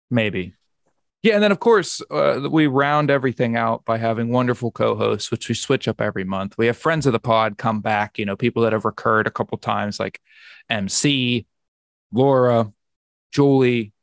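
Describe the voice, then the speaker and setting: A man's voice: mid-range voice, fairly even intonation, normal speed, creaky, no echo. Rambling male podcast host, dry sound. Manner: rambling with frequent restarts. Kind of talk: casual podcast chat.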